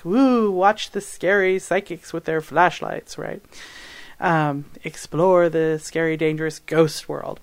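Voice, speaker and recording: A woman hosting an advice podcast, answering a listener's question in an animated, emphatic way, laughing and correcting herself as she goes. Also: fairly low pitch, vocal fry.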